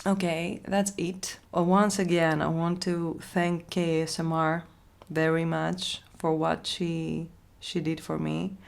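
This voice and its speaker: A woman ASMR host talking in a halting, heartfelt vlog, with a voice worn from illness and frequent restarts. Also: sits low, level tone, vocal fry, smooth. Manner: halting, repeats herself, soft laughs. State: losing her voice from illness. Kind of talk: emotional casual vlog talk.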